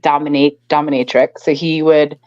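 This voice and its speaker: A woman's voice: low voice, flat delivery, normal speed, a little mellow. A young woman with a rural upstate New York accent talks with the loose, chatty manner of an interview guest and often giggles between her sentences. Her audio is muffled and lo-fi, and it sounds very dry with no room echo at all. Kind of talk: casual interview chat.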